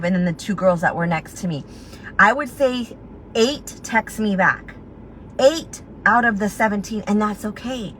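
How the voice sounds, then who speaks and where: A woman's voice: mid-range voice, a bit bright, slight background noise, poor audio. A woman with a slight lisp giving a chatty, motivational recruiting talk, acting out her own inner voice and laughing at herself. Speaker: network marketing team leader.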